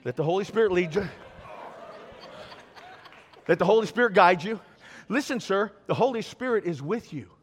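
A man preaching a sermon in a church, animated and exhorting, with call-and-response asides to the congregation. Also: high-pitched, normal speed, pauses often, slightly rough. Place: church sanctuary. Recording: long reverb of a large hall.

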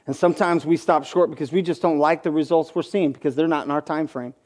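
A man preaching a sermon, urging his listeners to persevere, swinging from loud pleas to quiet, joking asides. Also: a little high, steady tone, quick pace. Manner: acts out quoted voices and jokes. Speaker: school coach.

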